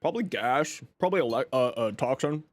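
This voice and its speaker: A man's voice: mid-range voice, fairly quick, no room sound. A man live streaming a game, chatting casually with viewers and greeting them by name while he eats breakfast. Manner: greets chat by name, lively and upbeat; eating while talking.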